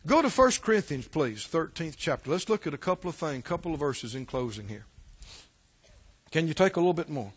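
High-voiced preaching man in reverberant hall. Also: very animated, fairly quick, slightly rough. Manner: emphatic, repetitive preaching with rhetorical questions. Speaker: pastor. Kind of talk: sermon.

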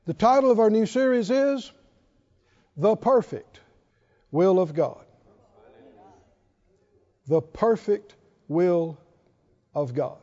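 A man's high-pitched, warm voice moves slowly with lively intonation and frequent pauses as he preaches. The pastor calls on his congregation to respond, and the sanctuary recording is echoey, dull, and lo-fi.

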